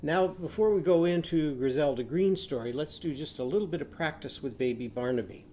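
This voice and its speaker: A literacy teacher leads young children through a phonics lesson, patiently prompting them to repeat after him and slowly sounding out words. His voice is fairly high and mellow.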